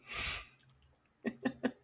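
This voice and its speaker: A woman's voice: very slow, fairly bright tone. A woman co-hosting a podcast, chatting casually with her best friend in a giggly, easygoing way and asking lots of questions. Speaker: podcast co-host. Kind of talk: casual chat between friends.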